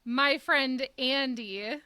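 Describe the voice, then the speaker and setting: A woman's voice: high-pitched, drawn-out words, bright, forceful tone, no room sound. A woman in her thirties co-hosting a casual chat, telling a story with lots of laughter and acted-out dialogue. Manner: laughs through stories, acts out dialogue. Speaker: podcast co-host.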